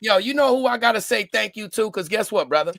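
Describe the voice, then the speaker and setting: Animated, gravelly man telling stories. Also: sits high, quick pace, no room sound, studio quality. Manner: animated storyteller, doing voices. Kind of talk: casual chat.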